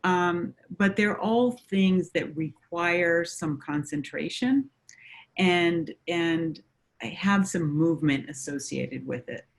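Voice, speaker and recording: A woman counselor talking through coping ideas in a conversation. She explains in a measured way, with frequent fillers. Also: on the low side. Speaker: mental health counselor.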